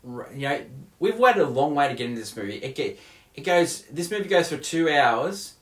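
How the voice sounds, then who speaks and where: A man's voice: a little high, big pitch swings, a little fast, fairly bright tone. A man co-hosting a casual movie review. He retells scenes animatedly, with many restarts. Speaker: co-host of a movie review show. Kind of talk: casual film discussion. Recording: echoey room.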